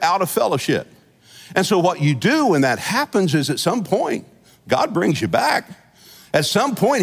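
A man preaching from the pulpit, his voice high and swooping with lively pitch. He mixes folksy chuckles and asides into his teaching. The sound carries a long reverb from a church sanctuary. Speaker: senior pastor. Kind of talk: sermon.

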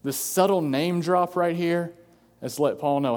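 A man's voice: a little high, normal speed, a little mellow. A man preaching an earnest sermon as pastor, acting out quoted voices as he goes. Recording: long hall reverb.

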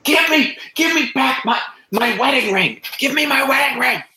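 A man voicing a flustered doctor who stammers and shrieks in a high, frantic voice. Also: animated, moderate pace, pushed and bright, reverberant, full character voice.

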